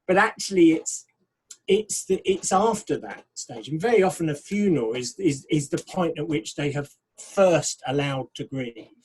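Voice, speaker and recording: A man with a slightly high, husky voice, speaking as a pastor in a relaxed discussion. He is thoughtful and frank, and grows animated when he mimics the people he meets. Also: normal speed, low-quality recording. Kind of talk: casual discussion.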